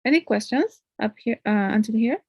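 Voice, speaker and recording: A woman's voice: on the high side, lively intonation, moderate pace, vocal fry, no room sound, muffled recording. A woman teaching English one-on-one. She explains patiently and often ends points with a questioning "no?". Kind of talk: one-on-one online lesson.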